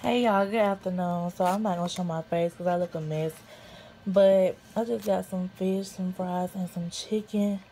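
A woman's voice: on the low side, fairly even intonation, normal speed, mellow, a little hiss or hum. A young woman, vlogging casually to her phone, chatty and a bit out of breath. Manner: chatty, addresses viewers as y'all. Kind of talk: casual vlog talk to camera.

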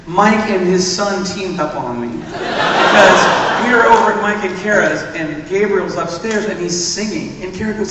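Man, panel co-host, high bright voice, acts out quotes, far-off echoey hall mic. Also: normal speed, noisy background. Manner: animated anecdote-telling, acts out quotes. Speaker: podcast co-host on stage. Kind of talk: live panel storytelling. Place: large convention hall stage.

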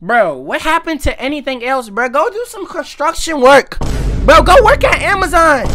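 A man's voice: extremely high pitch, animated, moderate pace, sharp tone, soft background music. A man hosting a reaction video, giving blunt, mocking commentary in heavy slang.

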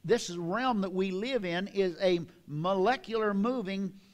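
An older man preaching a sermon in a church, reading scripture with slow, dramatic emphasis. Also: sits high. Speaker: pastor. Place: church sanctuary.

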